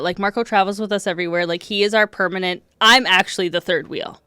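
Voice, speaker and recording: A woman's voice: medium pitch, quick pace, hardly any pauses, a bit bright, smooth, no echo. A young woman chats away on a podcast, breaking into giggles as she tells her story. Her voice sits in a middle range and is recorded close and dry, with no room around it. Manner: giggly storytelling, laughs a lot. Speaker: podcast co-host. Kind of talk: casual chat.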